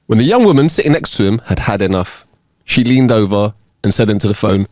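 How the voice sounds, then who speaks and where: A man's voice: animated, normal speed, darkish tone, dry recording, studio quality. A man co-hosting a comedy podcast, telling jokes in a playful way. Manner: playful, riffs, drops low for voices in jokes. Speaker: podcast co-host. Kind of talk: joke-telling podcast chat.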